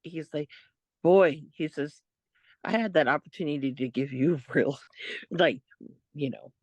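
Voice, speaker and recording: A woman co-hosting a podcast, telling a story in a casual, animated way, quoting what others said. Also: deep voice, a little slow, dry recording. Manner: animated retelling, quotes others, laughs often. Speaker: podcast co-host.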